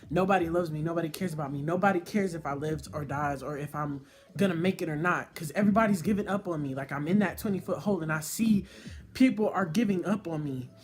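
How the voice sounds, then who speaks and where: A young man talking earnestly and openly in a personal vlog, heartfelt and swearing freely. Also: fairly high pitch. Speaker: YouTuber. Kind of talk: emotional personal vlog monologue.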